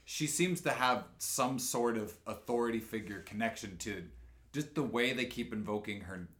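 Relaxed, musing podcast co-host. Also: mid-range voice, normal speed. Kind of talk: casual recap chat.

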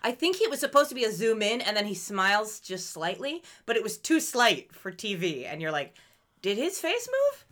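Animated woman podcast co-host. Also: medium pitch, fairly quick, few pauses. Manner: animated, chatty, acts out characters in quotes. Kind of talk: casual chat recapping a TV show.

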